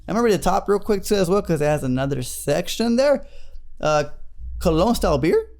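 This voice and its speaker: A man's voice: sits high, sing-song, fairly quick, darkish tone. A man hosting a casual beer review show, reading label text aloud with stumbles and chatty asides. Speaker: podcast host.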